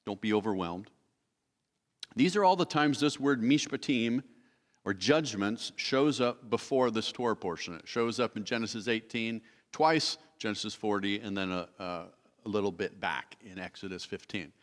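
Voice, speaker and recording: A man's voice: fairly low pitch, moderate pace. A man teaching a Bible study sermon in a church, explaining patiently, reading verses aloud and correcting himself as he goes. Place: church sanctuary. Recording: long hall reverb.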